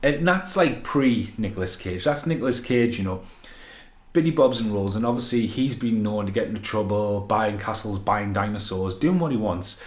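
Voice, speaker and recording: A man rants through a film review in a loose, rambling way, swearing often and getting worked up as he goes. His voice sits a little low. The sound bounces around an echoey room. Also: moderate pace. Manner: rambling, profane, excitable. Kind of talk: unscripted ranting film review.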